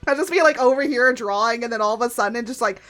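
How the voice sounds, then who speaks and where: A woman streaming live in casual chat, giggling often and muttering to herself as she clicks through software. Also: on the high side, quick pace, faint music behind.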